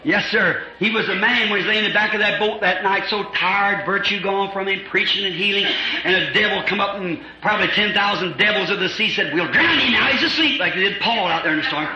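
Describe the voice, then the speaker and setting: A male preacher giving an impassioned revival sermon, swinging into shouts and acting out voices from scripture. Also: sits high, fairly even intonation, a little fast, hardly any pauses. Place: church with congregation. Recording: lo-fi echoey church recording with congregation. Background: congregation responding.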